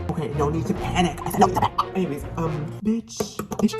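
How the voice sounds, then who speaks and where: A woman hosting a comedic cooking vlog in a crude, profane and playful way, often talking half-hushed. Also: sits low, a little fast, few pauses, loud music behind the voice. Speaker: vlogger.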